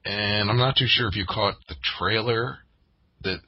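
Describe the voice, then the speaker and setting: A man's voice: lowish voice, moderate pace, slightly rough, no room sound. A man co-hosting a casual podcast chat, hesitant, with many fillers and restarts. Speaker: podcast co-host. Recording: dull lo-fi sound.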